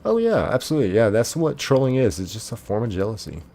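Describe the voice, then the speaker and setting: A man's voice: mid-range voice, huge pitch swings, quick pace, creaky, dark tone. A man hosting a live stream in casual chat, reading viewer comments aloud and answering them in a rambling way, full of filler "like"s.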